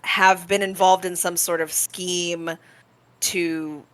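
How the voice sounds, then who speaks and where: Bright-voiced woman gamer rambling through lore, swears a lot, dry close mic. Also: fairly low pitch, flat delivery, slow, clear, resonant tone, no echo. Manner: chatty, rambling, swears casually. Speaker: player. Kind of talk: casual game chat explaining lore.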